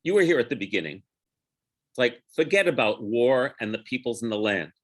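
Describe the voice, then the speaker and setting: With a sing-song, medium-pitched male voice, a rabbi guides an informal Torah study session. He drifts off on tangents as he discusses the text, chants Hebrew slowly, and corrects himself along the way.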